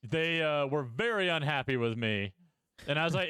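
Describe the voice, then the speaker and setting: A man's voice: on the high side, lively intonation, moderate pace, bright, forceful tone, clear, resonant tone, no room sound. A man co-hosting a podcast, chatting casually and poking fun at himself with frequent laughs. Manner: laughs often, self-mocking. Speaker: podcast co-host. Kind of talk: casual chat.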